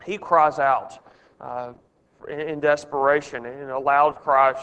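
A man's voice: medium pitch, level tone, slow, sharp tone, smooth, big-room sound. A man leading a Bible study, earnest and asking his group questions.

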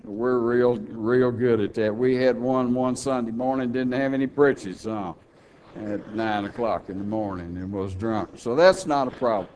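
A man's voice: medium pitch, a little slow, a little mellow, a little hiss or hum. A man preaching a sermon with a Texan accent, folksy and humorous between passages of scripture. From Texas.

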